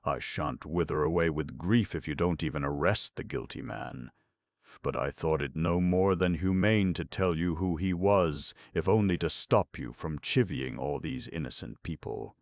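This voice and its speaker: A man reading a languid, drawling gentleman detective. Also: extremely low pitch, normal speed, vocal fry, no room sound, clean studio sound. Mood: drawling, amused. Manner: unemotional drawl, airy and mocking. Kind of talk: audiobook character reading.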